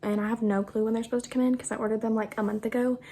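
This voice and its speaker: A woman's voice: on the high side, flat delivery, very fast, dark tone. A young woman, chatting casually to camera about books, bubbly and full of fillers. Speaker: book vlogger. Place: home room with a fan running. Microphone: camera propped on the floor. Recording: noisy room with fan hum.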